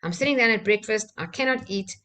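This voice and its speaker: Woman, trainer, from South Africa, candid storytelling, mid pitch, soft fillers. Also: fast talker. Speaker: trainer sharing a personal story. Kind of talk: personal storytelling talk.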